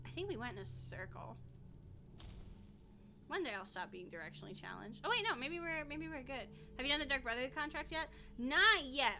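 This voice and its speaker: Bright high-voiced woman streamer. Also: a little hiss or hum. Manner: chatty, swearing, frequent laughs. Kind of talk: casual gaming stream chat.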